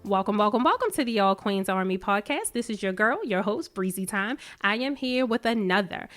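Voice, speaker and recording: A young woman hosts a casual podcast chat. Her voice rises and falls in a lively way, and she teases her guest and breaks into giggles often. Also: medium pitch, normal speed, soft background music. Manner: giggly and teasing, laughs often. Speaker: podcast host.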